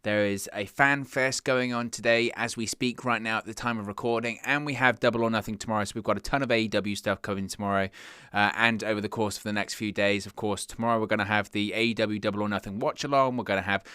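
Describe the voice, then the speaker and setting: A man's voice: lowish voice, fairly even intonation, quick pace, pushed and bright, clear, resonant tone, dry recording, clean studio sound. A young man hosting a wrestling news show, talking earnestly and stumbling over words when he gets worked up. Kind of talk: casual news commentary.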